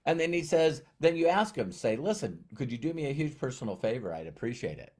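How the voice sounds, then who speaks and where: This man talks briskly at a medium pitch, giving a motivational storytelling talk about his own experience. He animatedly acts out the dialogue, voicing both sides.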